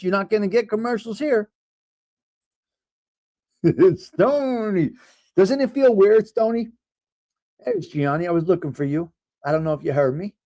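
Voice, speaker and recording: A man hosts a casual livestream and chats loosely with his viewers. His voice sits a bit high for a man, and he jokes with them in mob-style banter, swearing freely. The recording is close and dry. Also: dark tone, no echo. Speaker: livestream host. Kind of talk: casual livestream chat, reading viewer comments.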